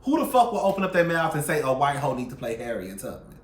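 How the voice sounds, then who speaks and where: A man hosting a casual gossip commentary channel, sassy and profane, swinging between loud outbursts and soft asides. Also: mid-range voice, very animated, fast talker, roomy sound. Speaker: YouTube commentary host.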